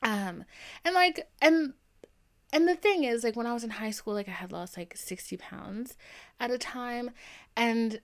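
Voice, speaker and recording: Unhurried, a young podcast host tells stories in a casual, animated monologue. She shifts from low murmurs into bursts of excitement.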